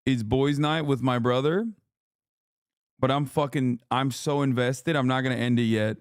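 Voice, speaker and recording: A man's voice: medium pitch, fairly even intonation, moderate pace, clean tone, dry recording, clean studio sound. A man streaming live reaction commentary, crude and mocking, swearing freely.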